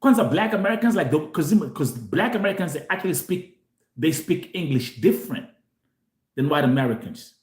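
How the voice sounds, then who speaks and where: A man's voice: on the high side, lively intonation, brisk, echoey room. A man from Kenya hosting a show, talking animatedly to viewers and switching between Swahili and English, often repeating himself. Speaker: host. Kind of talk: live show monologue to viewers.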